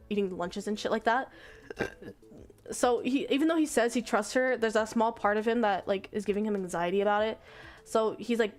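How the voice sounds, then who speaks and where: A young woman streamer casually retelling a story, rambling and swearing offhandedly. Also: mid-range voice. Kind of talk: casual retelling of an anime plot.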